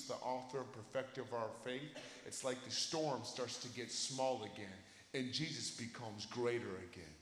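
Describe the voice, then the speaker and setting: A young man preaching a sermon to a room of kids, impassioned, swinging from shouting to a hush. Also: mid-range voice, roomy sound, long reverb tail, slight background noise. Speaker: youth preacher.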